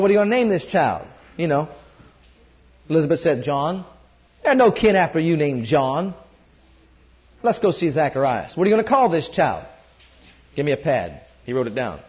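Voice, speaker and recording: Animated male preacher, lo-fi sound. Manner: animated preaching, rising loud on key points and dropping low on quotes. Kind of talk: sermon.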